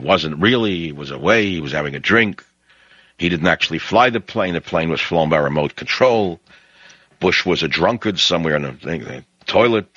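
A deep-voiced man with a New York accent rants through an opinionated talk radio monologue, mocking and sarcastic, his voice leaping upward when he wants to make a point. The sound is dry and close, with a dull, lo-fi broadcast quality. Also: pushed and bright, no room sound. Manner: ranting, sarcastic, pitch jumps high for emphasis.

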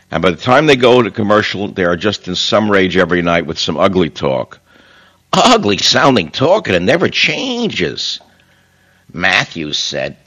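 A man's voice: fairly bright tone, no room sound. An older man hosting a talk radio show, delivering a combative, mocking monologue. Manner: combative, mocking, sweeping pitch jumps.

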